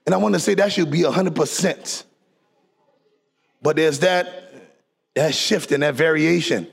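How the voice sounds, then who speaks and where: A man with a high, gravelly and husky voice preaching in church. He leads the congregation in call and response. His delivery swings from quiet, low asides to shouted, sung climaxes. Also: a little slow. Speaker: pastor. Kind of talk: preaching sermon.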